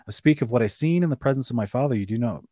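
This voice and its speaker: A man hosting a casual live-streamed discussion, reading scripture aloud in between quick restarts and short chuckles. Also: mid-range voice, animated, warm tone, no echo, clean studio sound. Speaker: host.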